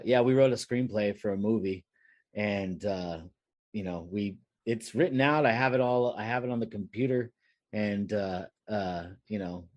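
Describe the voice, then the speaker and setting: A man's voice: fairly low pitch, a little mellow, no room sound. A man co-hosting a podcast, telling a long work story in rambling casual chat with many fillers and restarts. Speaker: podcast co-host.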